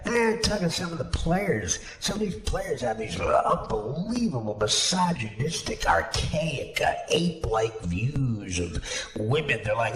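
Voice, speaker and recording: A man's voice: mid-range voice, fairly bright tone. A man riffing crude mock sports commentary, jumping between jokes and mocking voices. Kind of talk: crude improvised comedy commentary. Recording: echoey room with background noise.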